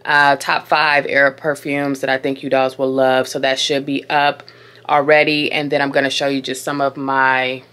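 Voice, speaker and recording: A woman's voice: extremely low pitch, little pitch movement, moderate pace, a bit bright, clean tone. A young woman vlogging at home, chatting casually about beauty and perfume and calling her viewers dolls. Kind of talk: casual beauty vlog chat. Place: room at home, closet. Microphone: camera mic.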